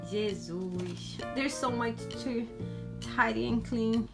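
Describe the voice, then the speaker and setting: Young mum vlogger, rambling casual delivery, higher voice, music bed underneath. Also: female voice, slow pace. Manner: chatty, rambling, with frequent "anyways" and "guys". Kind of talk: casual vlog chat to camera. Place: home. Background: background music.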